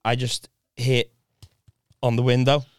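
A man with a smooth, resonant voice spins an anecdote among friends, slipping into other people's voices as he goes. The sound is dry and close, with no room around it. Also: mid-range voice, slow, dry recording. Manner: animated storyteller, acts out voices, swears. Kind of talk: casual podcast chat.

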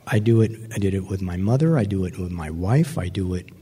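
A man giving a personal recovery testimony to an audience, speaking reflectively and pausing often with fillers. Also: deep voice, animated, mellow, husky. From New York. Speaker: speaker sharing his recovery story. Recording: long hall reverb.

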